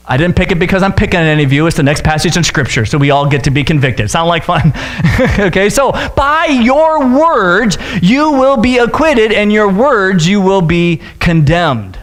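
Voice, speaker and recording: A male pastor preaching a sermon in a casual, joking way, with sudden high-pitched outbursts. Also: animated, normal speed, fairly bright tone.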